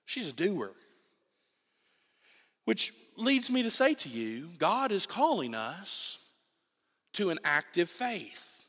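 Preacher guy, high lively voice, big church echo. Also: slow, pauses often. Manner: animated, emphatic preaching with repetitions and restarts. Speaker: pastor. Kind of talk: sermon. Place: church sanctuary. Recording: reverberant church hall.

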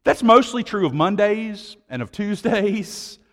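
A man preaching a sermon as pastor, swinging from loud declarations to hushed tones, with conversational asides to the congregation. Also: sits high, sing-song, unhurried, big-room sound.

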